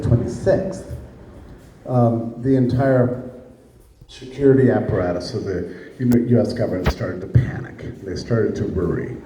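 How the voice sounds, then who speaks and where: A man's voice: mid-range voice, warm tone, highs cut off. A man giving a public talk in an emphatic, sarcastic way, with rhetorical asides to his audience. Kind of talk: public lecture. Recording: echoey room, heard from a distance, faint noise.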